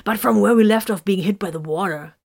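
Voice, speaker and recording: A woman reading the part of a keen young male warrior twin, speaking up loudly, in a storybook reading. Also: medium pitch, fairly quick, creaky, voice pushed up.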